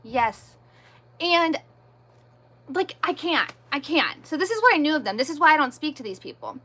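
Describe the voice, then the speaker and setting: A woman's voice: high voice, moderate pace. A woman in her thirties hosting a livestream, indignantly retelling a confrontation and quoting everyone in it. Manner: animated, indignant retelling with quoted dialogue. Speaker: livestream host. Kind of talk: casual livestream storytelling.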